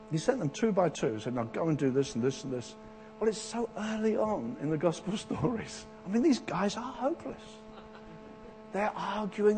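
A man preaching a sermon in a church, animated, acting out the voices of people in Bible stories. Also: high-pitched, slight background noise. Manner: animated, acts out Bible voices with rising intensity.

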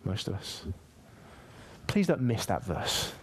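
Guy preaching a sermon, reads scripture, gets loud and punchy on the quotes. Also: on the low side, slow pace, slightly rough. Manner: animated, emphatic preaching with dramatic voiced quotes. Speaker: pastor.

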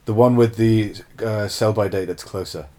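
A man co-hosting a casual comedy chat, pitching silly app ideas in a deadpan way and laughing often. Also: moderate pace. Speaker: podcast co-host.

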